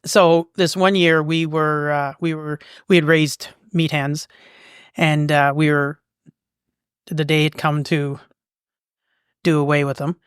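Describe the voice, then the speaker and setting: Smooth-voiced Canadian woman rambling through a farm story. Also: low voice, little pitch movement, slow pace, pauses often, dry recording, clean studio sound. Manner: rambling, lots of fillers and restarts. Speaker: podcast co-host. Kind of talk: casual storytelling chat. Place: local museum.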